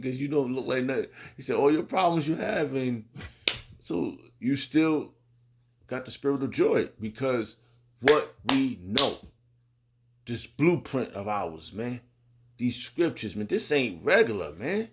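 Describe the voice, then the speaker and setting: A man speaking casually about his faith, rambling and swearing freely, calling listeners "man" and "bro", and slowing down to read scripture. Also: mid-range voice, vocal fry. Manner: reads scripture slowly. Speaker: speaker sharing faith testimony. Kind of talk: casual religious talk.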